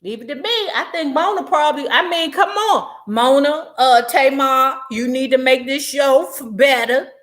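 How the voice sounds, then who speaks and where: A woman's voice: sits high, moderate pace, few pauses, a bit bright. A woman vlogger, chatting animatedly and profanely while gossiping and reading comments on a livestream.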